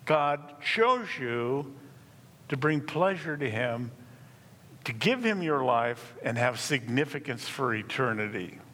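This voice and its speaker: A man preaching a sermon in earnest, stressing key words slowly and emphatically. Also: medium pitch, fairly bright tone. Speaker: pastor. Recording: reverberant hall, faint room noise.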